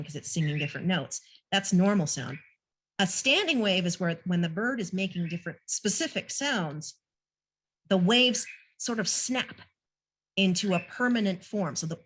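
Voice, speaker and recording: A woman gives an online training talk from her home, explaining with easygoing, self-deprecating asides. Her voice reaches the listener through a video call. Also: on the low side. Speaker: naturalist presenter. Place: home room with a pet bird nearby.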